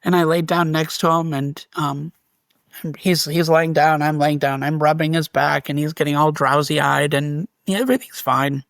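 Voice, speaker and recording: A man with a gravelly, fry-tinged voice tells a personal story as an interview guest. He talks casually and animatedly, restarting sentences and laughing briefly. The sound is dry and close. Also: on the high side, steady tone, normal speed, fairly bright tone, dry recording.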